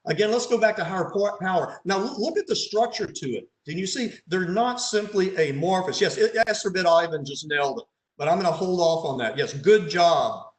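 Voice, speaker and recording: A male pathologist with a slightly high voice teaches over slides and keeps quizzing his audience. He thinks aloud, throws in dry, sarcastic asides and hints at answers. His voice carries a roomy echo. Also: lively intonation, a little fast. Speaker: pathologist leading a case conference.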